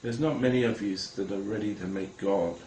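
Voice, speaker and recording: Earnest low-voiced man giving testimony. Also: darkish tone, a little hiss or hum. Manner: earnest, halting, many hesitations, addresses viewers directly. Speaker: Christian recounting a vision. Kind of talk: personal testimony to camera. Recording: roomy with faint ambience.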